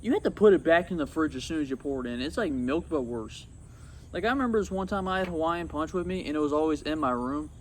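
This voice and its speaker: A young man talking casually about his old video on his phone outdoors, rambling and excitable. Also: a little high, fast, a little hiss or hum. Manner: rambling and excitable, swats at bugs. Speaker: YouTuber. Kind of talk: casual vlog commentary. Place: outdoors among insects.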